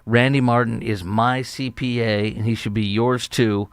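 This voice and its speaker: Unhurried and medium-pitched, this middle-aged man's clean voice is captured in a dry recording. Hosting a podcast from the Chicago area, he delivers an opinion monologue, telling news stories in a chatty, animated way and acting out the quotes.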